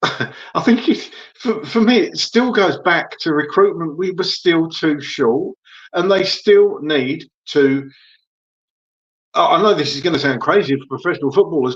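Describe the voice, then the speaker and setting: A man's voice: high-pitched, animated, moderate pace. Frustrated man in muffled podcast audio. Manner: frustrated, emphatic, laughs between points. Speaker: pundit guest. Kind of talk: casual football podcast chat.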